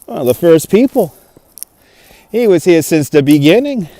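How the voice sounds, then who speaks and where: On a gimbal-held phone, a man with a New York accent livestreams as he walks a snowy city park, chatting casually, laughing frequently and reading comments aloud. The voice is on the high side and dark in tone, with big swings in pitch, a moderate pace and a dry recording.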